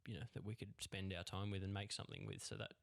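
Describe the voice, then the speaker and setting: A young Australian filmmaker chatting on a podcast in an easygoing, agreeable way. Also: male voice, sits low, flat delivery, fast talker, gravelly. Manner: easygoing, agreeable, lots of yeps. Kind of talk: casual podcast chat.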